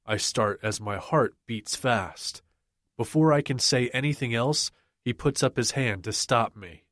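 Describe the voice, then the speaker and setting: A man narrating a first-person romance audiobook in a measured, even manner. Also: on the low side, no room sound, studio quality.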